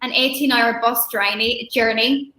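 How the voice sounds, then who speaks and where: A woman guest telling stories in a relaxed chat, laughing often. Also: a little high, unhurried, echoey room, poor audio. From Ireland. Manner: chatty storyteller, laughs often. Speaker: guest musician. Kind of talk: casual chat on a live stream.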